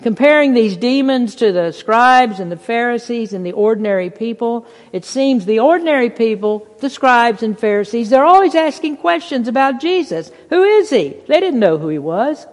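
A mid-pitched preacher delivers a sermon, reading scripture in old-fashioned wording. The voice climbs higher to stress key points. It rings out with a long reverb in a church sanctuary. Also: lively intonation, normal speed, few pauses. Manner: reads scripture in King James wording, rises in pitch for emphasis. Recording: long reverb in a large hall.

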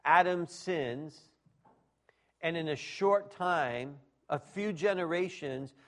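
High-voiced man preaching a sermon. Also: takes it slowly. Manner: emphatic, swings from quiet asides to shouting. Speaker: pastor.

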